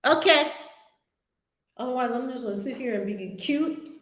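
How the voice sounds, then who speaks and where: A woman's voice: high-pitched, normal speed. Emphatic woman spiritual teacher, echoey. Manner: emphatic, blunt, with swearing; animated, acts out little scenes. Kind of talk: spiritual group discussion.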